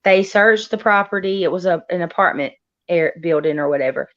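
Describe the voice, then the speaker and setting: Excitable woman co-host on muffled audio. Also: fairly low pitch, a little fast. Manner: excitable, rambling, many restarts. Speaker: guest co-host. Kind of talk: casual livestream chat.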